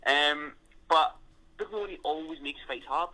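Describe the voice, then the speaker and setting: Sweary, bright co-host. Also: male voice, fairly high pitch, measured pace, poor audio. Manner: blunt, sweary, enthusiastic. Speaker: podcast co-host. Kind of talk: casual chat.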